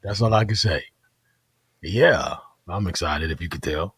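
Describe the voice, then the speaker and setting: A man in a casual podcast chat, playful and excitable, chanting a name in a sing-song way. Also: sits low, measured pace, slightly rough, dry recording, studio quality. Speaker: podcast co-host.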